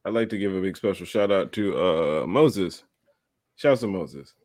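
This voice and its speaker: A young man co-hosts a laid-back podcast and tells his stories with a lively, swinging pitch. He keeps acting out the people he met and laughs between lines. The sound is close and dry, with no room around him. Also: unhurried, no echo. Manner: animated storyteller, acts out voices, laughs often. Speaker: podcast co-host. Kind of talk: casual chat, storytelling.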